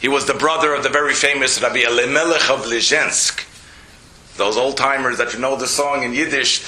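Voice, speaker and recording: A man, a rabbi, giving a storytelling lecture, animated, jumping his pitch to act out quotes. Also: brisk, a little hiss or hum. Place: lecture hall. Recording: roomy lecture hall echo.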